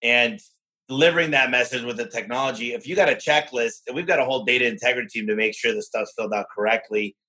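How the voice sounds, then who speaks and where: A man who owns a home services business, talking in a lively podcast conversation and acting out the exchanges he has with other owners. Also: mid-range voice, quick pace, low-quality recording. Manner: animated, acts out his own conversations in quoted voices.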